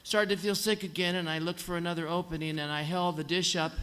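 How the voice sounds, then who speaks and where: A man with a high, level voice speaks quickly in a fairly bright tone over slight background noise. He's a singer on a concert hall stage, telling the audience a dry, comic story and acting out the voices of nurses and doctors.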